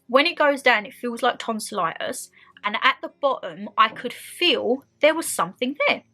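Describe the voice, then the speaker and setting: A bright, fairly high-voiced young British woman talks straight to her viewers in a relaxed sit-down vlog. She is outspoken and expressive, with faint music behind her. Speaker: vlogger. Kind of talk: casual sit-down chat.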